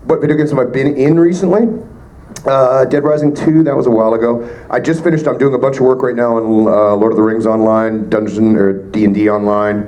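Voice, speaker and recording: A Canadian voice actor answering fan questions at a convention panel, joking with quick asides. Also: male voice, mid-range voice, steady tone, warm tone, low-quality recording. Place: convention panel room with audience. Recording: live room with crowd noise.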